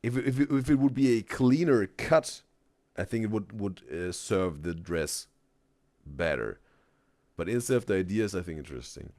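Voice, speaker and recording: Deep-voiced man reacting, lively and halting. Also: no echo. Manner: halting, many restarts, says "bro" and "right?" often, laughs loudly. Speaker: reaction streamer. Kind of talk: casual live reaction commentary.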